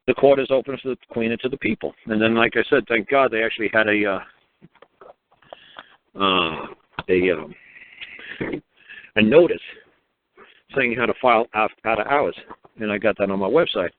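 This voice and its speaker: A man telling stories in a casual monologue, animated and swearing freely as he acts out the people in them. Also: lowish voice, normal speed, pauses often, a little hiss or hum. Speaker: talk show guest speaker. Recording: tinny phone line.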